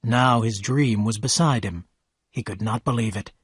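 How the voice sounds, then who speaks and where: Brief: male narrator for a graded storybook reading, steady and clear, dry close sound. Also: lowish voice, moderate pace, no room sound. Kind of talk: scripted storybook narration for English learners.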